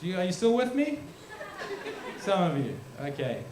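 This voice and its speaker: A man's voice: high voice, wildly swooping pitch, normal speed, a little mellow, a faint crowd, a little hiss or hum. A young man from South Africa doing a crude, rambling, self-deprecating stand-up set on a live stage into a handheld mic. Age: young adult. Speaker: stand-up comedian. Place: large room or hall, live stage. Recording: echoey hall.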